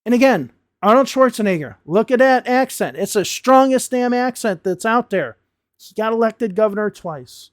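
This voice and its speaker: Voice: medium pitch, lively intonation, moderate pace, dry recording, studio quality. An American English teacher of about fifty, giving an emphatic, passionate lesson straight to camera and swearing bluntly now and then. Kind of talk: direct-to-camera lesson rant.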